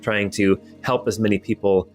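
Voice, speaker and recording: Low-voiced male game master. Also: fairly even intonation, normal speed, faint music behind. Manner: descriptive, loose, many fillers. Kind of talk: narrating a tabletop game.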